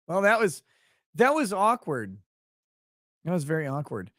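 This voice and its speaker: Male stream host, fairly high voice, halting and wry, dry close-mic sound. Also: sing-song, fairly bright tone, no room sound. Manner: rambling, halting, wry asides. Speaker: livestream host and lawyer. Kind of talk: casual livestream chat.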